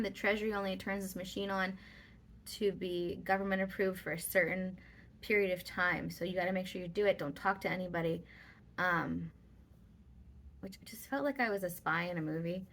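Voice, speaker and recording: A woman's voice: medium pitch, fairly bright tone. A woman vlogger telling a personal story in casual, rambling talk with many fillers.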